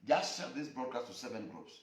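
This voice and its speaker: A man's voice: mid-range voice, big pitch swings, a little fast, echoey room. A man preaching a sermon broadcast alone, repeating phrases with an emphatic cadence. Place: room alone.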